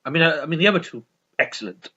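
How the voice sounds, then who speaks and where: A man's voice: on the high side, lively intonation, rapid-fire, sharp tone, husky, highs cut off. A man hosting his own video, chatting casually and enthusiastically about a favourite comedy, repeating himself and swearing freely. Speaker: video host.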